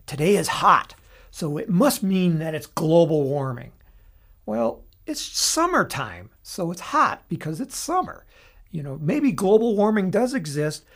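A podcast host talking through an analysis on their own in a casual, explanatory way, with frequent restarts and asides. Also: medium pitch.

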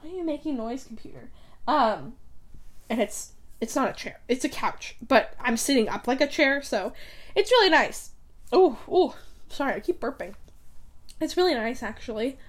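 A young woman chats on her own podcast, talking from her bedroom. She rambles, piles on fillers, giggles and corrects herself as she goes. Her voice sits a little higher than most women's. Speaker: podcast host. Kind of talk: casual solo podcast chat.

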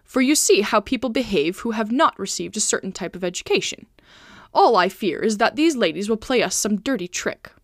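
A loyal, cool-headed male servant who reasons and coaxes with wry calm, as a woman reads him. The voice rises and falls in lively sweeps and sounds dry and close. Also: medium pitch, a little fast, dry recording. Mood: knowing.

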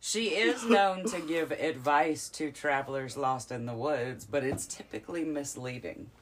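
A man in casual podcast chat, calmly explaining what he has read. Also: fairly high pitch, measured pace, slight background noise. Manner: informative, explaining lore.

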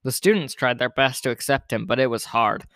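A man's voice: mid-range voice, a little fast, no echo, studio quality. Man reading a children's story. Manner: plain, steady storybook narration.

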